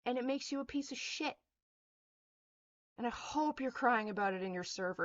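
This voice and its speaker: A woman's voice: on the high side, expressive, moderate pace, pauses often, lo-fi sound. Furious woman ranting with profanity. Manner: mocking quotes in a sneering voice. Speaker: vlogger. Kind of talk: angry rant to camera.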